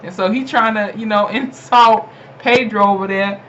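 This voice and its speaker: A young adult YouTuber chattily recapping a TV episode, animated and laughing often, with lots of fillers. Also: medium pitch, moderate pace. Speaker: TV episode reviewer. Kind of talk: casual spoken episode recap. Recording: dull lo-fi home recording with faint noise.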